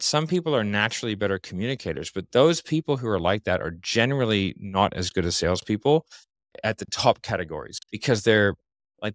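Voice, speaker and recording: Male podcast guest, low voice, blunt and confident, dry close sound. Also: dry recording. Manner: confident, blunt, explains with examples. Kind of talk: casual interview talk.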